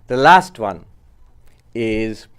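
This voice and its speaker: A man, a monk and spiritual teacher, giving a measured philosophy lecture and stressing points with rhetorical questions to his listeners. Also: on the low side, expressive, clear, resonant tone.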